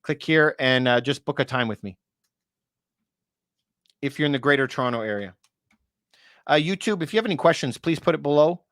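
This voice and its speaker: A man's voice: a little high, fairly bright tone, no echo, clean studio sound. A man, a real estate broker, chatting casually on a livestream and answering viewers by name, his voice going from too much talk. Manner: chatty, addresses viewers by name, quick asides. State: losing his voice.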